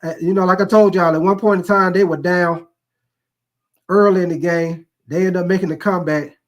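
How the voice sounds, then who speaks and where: Middle-aged guy with a high voice, sports show host, loose and cussing, laughs at his own stories, reads chat comments. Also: steady tone, a little fast. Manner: loose, joking, reads viewer comments aloud. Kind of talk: casual live-stream sports talk.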